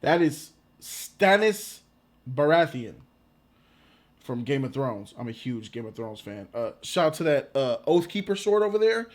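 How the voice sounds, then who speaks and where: A man giving a casual, rambling reaction to a movie trailer, excitable and quick to laugh. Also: mid-range voice.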